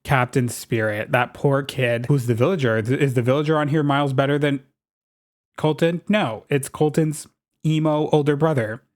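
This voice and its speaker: A man talking through a video game in a chatty, gossipy way. He gets excited easily and keeps a running commentary going. His voice sits in a middle pitch. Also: normal speed. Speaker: gaming YouTuber. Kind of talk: casual gameplay commentary.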